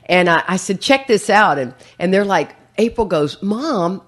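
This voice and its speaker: A woman's voice: mid-range voice, lively intonation, a little slow. An older woman sharing her story at a recovery meeting, chatty and rambling, often repeating words as she starts a sentence. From USA. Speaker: AA speaker.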